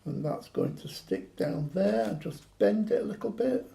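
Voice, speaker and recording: A man's voice: high voice, expressive, moderate pace, gravelly, warm tone. A man chatting through a craft demonstration, joking and poking fun at himself. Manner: joking, self-mocking banter.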